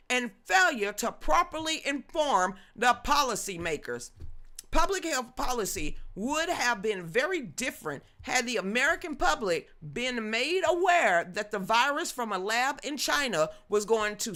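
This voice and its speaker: A woman's voice: on the high side, pushed and bright. A woman in her fifties hosting a news commentary livestream, reading chat and ranting emphatically in a rambling way.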